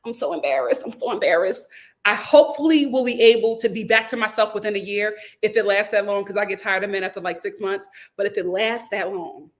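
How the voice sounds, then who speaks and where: Reading comments from her viewers, this young woman keeps her casual stream lively, laughing frequently as she talks. She speaks at a medium pitch, briskly and with few pauses.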